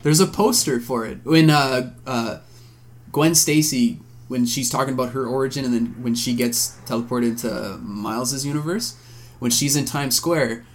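A man's voice: mid-range voice, moderate pace. A man co-hosting a podcast in laid-back casual chat, saying dude and swearing. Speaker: podcast co-host.

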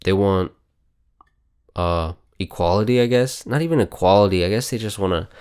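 Male host for off-the-cuff news talk: blunt and profane, with a low, resonant voice. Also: moderate pace, a little mellow, smooth. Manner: reads headlines aloud and reacts with heavy swearing; blunt, outspoken. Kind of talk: casual news commentary.

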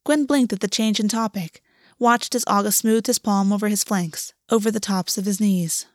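A woman narrating a story aloud in a steady, even reading voice. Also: mid-range voice, normal speed, hardly any pauses, dry recording, studio quality. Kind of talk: audiobook reading.

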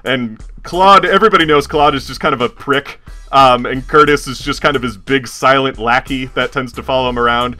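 A man's voice: mid-range voice, a little fast, sharp tone, soft background music. A man narrating as game master of a tabletop game in a rambling, laugh-prone way. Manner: rambling, filler-heavy, laughing often.

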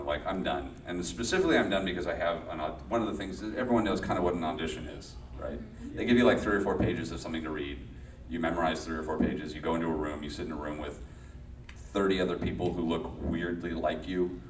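A deep-voiced man from Los Angeles, a former child actor appearing as a guest, tells a story to a live audience. He rambles, interrupts himself, restarts sentences and laughs often; the sound is reverberant and distant with a little hiss or hum.

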